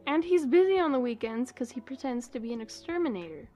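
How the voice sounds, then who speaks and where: A woman's voice: sits high, animated, fast, mellow, faint music behind. A woman co-hosting a podcast in casual chat, throwing in dry, teasing asides. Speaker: podcast co-host.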